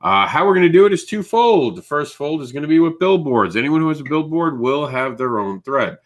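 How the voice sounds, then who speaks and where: A man's voice: a little high, big pitch swings, brisk. A man hosting a live indie comics news show, chatting casually, stumbling over names and laughing at his own slips. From Ireland.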